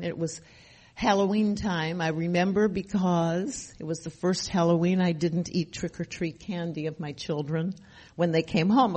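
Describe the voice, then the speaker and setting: A woman's voice: on the low side, a little mellow. An older woman sharing her recovery story at a meeting, emphatic and repetitive, often asking rhetorical questions. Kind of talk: personal testimony at a recovery meeting.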